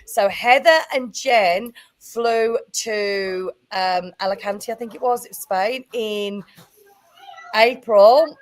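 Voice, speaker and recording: A woman from Canada, the guest in a casual chat, talking in an excitable, rambling way with many fillers. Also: medium pitch, takes it slowly. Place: livestream.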